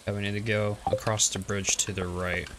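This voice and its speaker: A young man casually thinking aloud as he plays a game on stream, relaxed and unhurried. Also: fairly low pitch. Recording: noticeable background noise with clicks.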